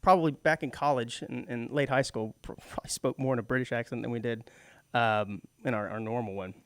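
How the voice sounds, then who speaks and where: A man's voice: mid-range voice, fairly even intonation, brisk, no echo. A middle-aged man co-hosting a radio show, chatting casually and laughing often. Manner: chatty, laughs often, slips into mock British voices. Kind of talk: casual talk radio banter. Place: radio studio.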